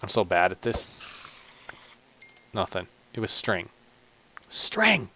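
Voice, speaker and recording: A man's voice: sits low, steady tone, measured pace, bright, forceful tone, a little hiss or hum. A man hosting a gaming channel, giving chatty, self-deprecating let's play commentary, talking to himself with muttered asides and stumbling restarts.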